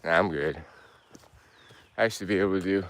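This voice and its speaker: Out of breath on a hilly trail, this man speaks in a deep, fairly bright voice at a fairly quick clip. He keeps things relaxed, chatting casually and reading out answers to live chat questions as he hikes.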